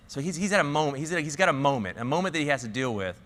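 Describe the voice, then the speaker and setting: A man's voice: a little high, animated, rapid-fire, few pauses, fairly bright tone, big-room sound. A man with a Southern US accent telling a story as a conference speaker, with many fillers and restarts. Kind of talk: conference talk.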